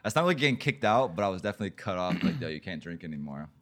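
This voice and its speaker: Very deep-voiced man telling rambling stories. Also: big pitch swings, racing, a bit bright. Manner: rambling, profane storytelling with many fillers. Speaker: podcast host. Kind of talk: casual podcast chat.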